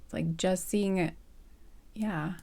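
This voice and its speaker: A woman with a slightly hoarse, throaty voice talks through a tarot-style reading. She muses aloud, soft and hesitant, circling back and restarting her sentences as she goes, with an easy giggly lightness. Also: lowish voice, fairly even intonation, slow. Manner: rambling and hesitant, thinking aloud with many fillers and restarts. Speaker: tarot card reader. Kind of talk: casual pick-a-card reading.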